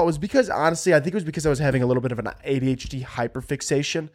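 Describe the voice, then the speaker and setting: A young man hosting a comedy podcast, ranting in a sarcastic, profane way, his voice jumping high when he gets worked up. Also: racing, hardly any pauses, darkish tone. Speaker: podcast host.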